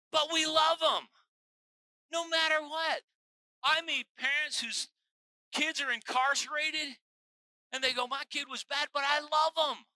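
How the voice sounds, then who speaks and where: A man's voice: very high-pitched, bright, forceful tone, no echo, low-quality recording. A male pastor preaching a sermon in a folksy, joking way, teasing his congregation.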